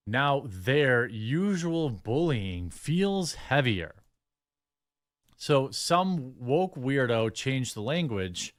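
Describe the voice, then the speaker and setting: A male online commentator speaking in a dismissive way, reading posts aloud between his remarks. His voice is mid-pitched and the sound is dry and close, with no room around it. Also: sing-song, very slow, dry recording. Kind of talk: video commentary.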